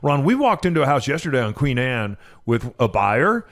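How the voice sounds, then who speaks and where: A man's voice: mid-range voice, sing-song, normal speed, fairly bright tone. A man co-hosting a casual talk show from a studio, talking in a rambling way with frequent restarts. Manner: rambling, stops and restarts often. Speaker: co-host. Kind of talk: casual talk radio chat.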